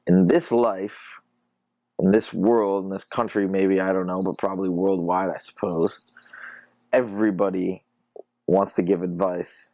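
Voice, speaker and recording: A man's voice: low voice, normal speed, a little mellow, no echo. A young man hosting a dating-advice podcast in a casual monologue, laid-back and laughing often as he tells stories. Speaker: dating coach podcast host.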